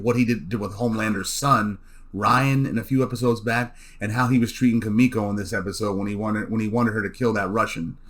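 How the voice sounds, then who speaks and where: A man's voice: fairly low pitch, a bit bright. A man giving a loose, profane recap of a TV episode, often repeating himself and restarting sentences. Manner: loose, repeats words and restarts, laughs at jokes. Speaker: show recapper.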